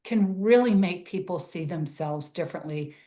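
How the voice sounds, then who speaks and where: A woman's voice: lowish voice, animated, normal speed, warm tone. A woman over fifty, a stylist guest on a podcast, talking candidly and reflectively with easy laughter. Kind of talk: conversational interview.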